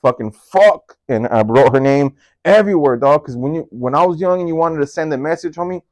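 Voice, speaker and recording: A man telling a story from his own life in a casual, slangy, profane way, leaping up in pitch whenever he quotes someone. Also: animated, brisk, darkish tone. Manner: slangy and profane, jumps into high-pitched voices when quoting. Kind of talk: casual first-person storytelling.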